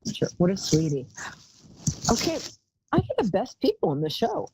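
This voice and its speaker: A woman's voice: mid-range voice, wildly swooping pitch, normal speed, background noise. A woman hosting a live call-in psychic show, talking in a chatty, rambling way and calling callers darling.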